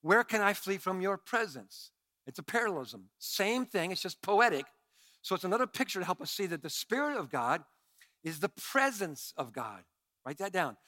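Fiery preacher with a bright, high voice. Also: male voice, very animated, moderate pace, no echo. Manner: passionate, swings between shouting and quiet asides; calls on the congregation to respond. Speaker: pastor. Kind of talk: sermon.

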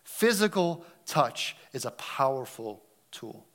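A man preaching a sermon, swinging between loud emphatic lines and hushed, almost whispered moments. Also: mid-range voice, sing-song, slow. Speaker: pastor.

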